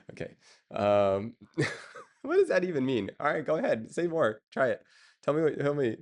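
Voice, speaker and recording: A man streaming and chatting casually with his viewers, rambling with lots of fillers and chuckles. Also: on the high side. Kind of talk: casual chat.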